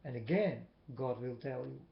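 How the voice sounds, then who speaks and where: A man preaching a personal testimony in non-native English, emphatic, swinging between loud and soft. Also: mid-range voice, moderate pace, creaky. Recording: echoey, dull lo-fi recording.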